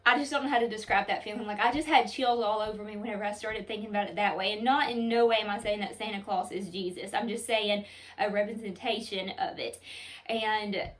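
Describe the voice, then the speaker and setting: A woman talks to her viewers in an earnest, heartfelt way, often saying "y'all." Her voice sits at a middle pitch. She sounds a little distant from the microphone. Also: steady tone, a little fast. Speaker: home decor vlogger. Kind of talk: casual heartfelt talk to camera.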